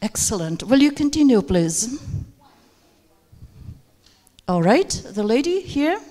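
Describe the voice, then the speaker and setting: A woman teacher trainer runs a live workshop for teachers in a conference room with an audience, hesitant and full of fillers as she coaxes participants to take turns. Her voice is a little high, dark, and very animated, and she speaks slowly. The hall recording is reverberant.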